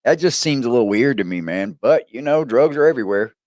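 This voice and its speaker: A man hosting a live reaction stream, talking loudly and profanely in an animated way. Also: mid-range voice, brisk, no echo, studio quality.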